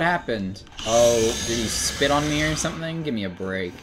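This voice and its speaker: A young man streaming a horror game, commenting in an exasperated way and breaking into shouts and laughs. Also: medium pitch, expressive, moderate pace, few pauses, background noise. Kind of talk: frustrated gameplay commentary.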